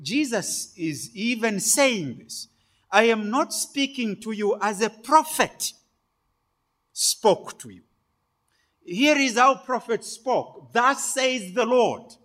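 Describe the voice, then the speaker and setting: A male preacher with a high, bright voice delivering a sermon. He speaks slowly and deliberately, phrase by phrase, and hits key words with sudden loud emphasis. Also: lively intonation.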